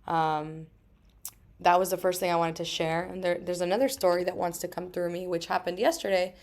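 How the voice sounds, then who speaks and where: A woman in her thirties hosting a solo podcast, talking emphatically with frequent swearing and quick asides. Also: on the low side, steady tone, a little mellow. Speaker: podcast host.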